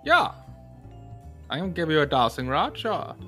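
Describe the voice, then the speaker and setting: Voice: medium pitch, big pitch swings, unhurried, sharp tone, soft background music. Bigsby, a game master doing a folksy old shopkeeper with an odd accent. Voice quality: hesitant, drawling, full of uhs. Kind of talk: playing a shopkeeper in a tabletop game.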